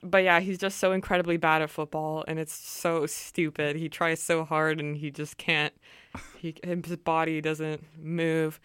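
A young woman co-hosts a college radio show, talking in a loose, rambling way full of "um" and "like". Her voice sits a little low and comes through smooth and clear. The studio mic gives a close, dry sound. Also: little pitch movement, measured pace, fairly bright tone, no room sound. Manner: chatty, rambling, many fillers. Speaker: campus radio co-host. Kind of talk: casual radio chat. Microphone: studio microphone.

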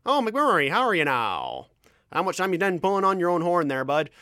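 A man's voice: high-pitched, huge pitch swings, fairly quick, sharp tone, clean tone, dry recording, clean studio sound, pitched above the performer's own voice, exaggerated voice. A man putting on a teasing rural Ontario hick voice, folksy and ribbing.

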